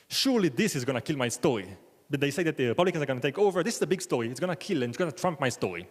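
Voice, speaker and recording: A man's voice: on the high side, animated, fast, hardly any pauses. A man telling a wry, self-deprecating story live on a theater stage, acting out the people he quotes. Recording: long hall reverb.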